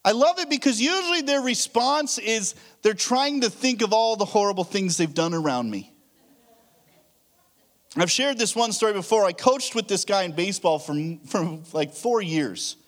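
A man's voice: high-pitched, lively intonation, moderate pace. A man preaching a sermon as a pastor, telling stories in a casual way with frequent restarts. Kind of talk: conversational sermon.

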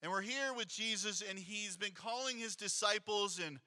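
Bright, high-voiced pastor preaching conversationally. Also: male voice, normal speed. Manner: conversational preaching, reads scripture aloud, rhetorical asides. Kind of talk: sermon.

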